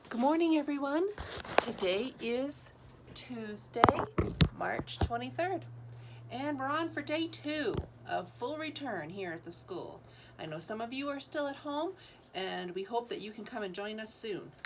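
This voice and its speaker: A woman's voice: fairly high pitch, lively intonation, measured pace, background noise. A woman giving the morning announcements at a school, speaking in a teacherly way and asking the students questions as she goes.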